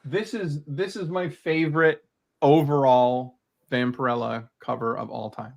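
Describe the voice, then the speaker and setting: A man's voice: mid-range voice, fairly even intonation, measured pace, vocal fry. Enthusiastic rambling man. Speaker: guest comic creator showing his collection. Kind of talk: casual video chat.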